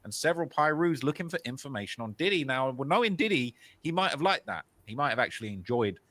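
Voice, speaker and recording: A man's voice: medium pitch, very animated, fast, a bit bright, dry recording. A man with a British accent narrates a documentary-style video, hedging his claims with "apparently" and "allegedly". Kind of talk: storytelling narration of a video essay.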